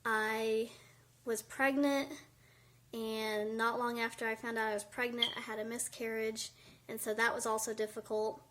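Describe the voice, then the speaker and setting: A woman's voice: fairly high pitch, flat delivery, normal speed, noisy background. Chatty woman, slightly breathless. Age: 20s. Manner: chatty, candid, many fillers. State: a little out of breath. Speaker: vlogger. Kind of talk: casual talking-head vlog. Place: indoors by a window at home.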